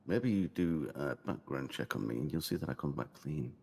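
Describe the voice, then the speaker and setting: A man in an in-character roleplay, calmly and evasively denying an accusation. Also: a bass voice, normal speed, vocal fry, husky. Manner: calm, evasive denials. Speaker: roleplay character under questioning.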